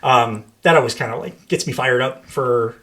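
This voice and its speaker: A man's voice: medium pitch, normal speed, a bit bright. A man hosting a casual wrestling podcast, rambling with lots of fillers, laughing often and swearing casually. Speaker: podcast host.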